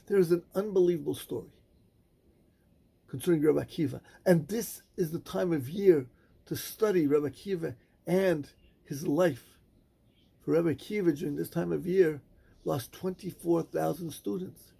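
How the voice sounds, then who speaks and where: Delivering a sermon, a rabbi recounts its story with measured phrasing and dramatic pauses. He sounds mellow, strongly gravelly and husky, and his pitch is fairly high for a man.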